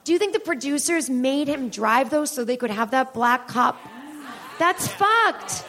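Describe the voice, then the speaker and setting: A woman comedian who hosts a podcast is on stage for a live show, chatting with the audience in a stand-up style. She rambles candidly, swears freely, and throws in self-deprecating asides. Her voice is high and a bit bright, at a moderate pace.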